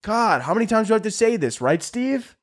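A young man hosting a comedy podcast, ranting in a sarcastic, profane way, his voice jumping high when he gets worked up. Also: sing-song, brisk. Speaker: podcast host.

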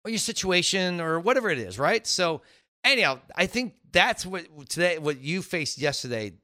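Animated, bright-voiced male podcast co-host. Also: sits high, moderate pace. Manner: animated storyteller, acts out quoted voices. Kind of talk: casual chat.

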